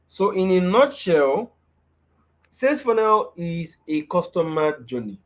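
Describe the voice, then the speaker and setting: A young Nigerian man presents a live webinar lesson over a video call. His voice sits a little high, and he leans on repetition, circling back to his key phrases and checking in with the audience as he goes. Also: expressive, unhurried. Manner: repeats key phrases for emphasis, asks "right?" often. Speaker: webinar speaker.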